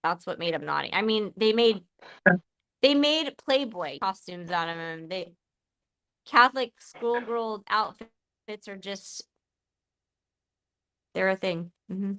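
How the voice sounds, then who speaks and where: A woman's voice: mid-range voice, lively intonation, slow, pauses often, a bit bright. A woman hosting a live podcast, chatting casually in a rambling, emotional, giggly way. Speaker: podcast host.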